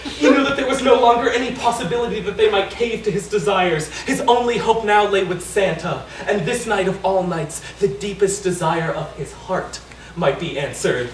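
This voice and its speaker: A man with a fairly high voice reads a comic short story aloud, tripping over a word now and then. He sounds distant and roomy, with a faint noise bed. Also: normal speed. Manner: lively reading with small stumbles. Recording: echoey room, distant mic, faint noise.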